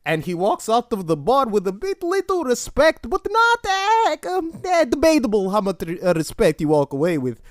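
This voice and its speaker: A host telling jokes in a put-on mock Russian accent with broken English and halting restarts. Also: medium pitch, wildly swooping pitch, no echo, studio quality. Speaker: host of a weekly recap. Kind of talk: comedic joke-telling monologue.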